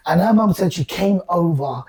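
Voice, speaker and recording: A man, casually telling a long story to friends. His voice is mellow and dark, and he slips into lively put-on voices for the people he quotes. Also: high voice, moderate pace, husky. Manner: animated, acts out quoted voices, slangy. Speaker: guest storyteller.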